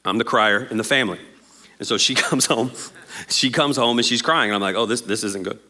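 A man, preaching a sermon as pastor in an animated, jokey way and acting out quotes. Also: medium pitch, fairly quick.

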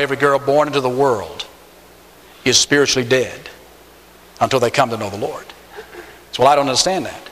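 A man preaching a sermon, stressing key words by jumping up in pitch and slowing down. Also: a bit bright. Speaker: pastor. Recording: long hall reverb.

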